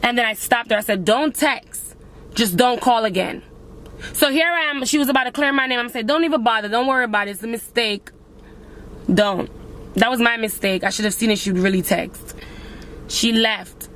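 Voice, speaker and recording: Woman, young adult, emotional personal vlog, higher pitch, speaks to viewers. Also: moderate pace, fairly bright tone, a little hiss or hum. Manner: emotional, addresses viewers as guys. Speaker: vlogger.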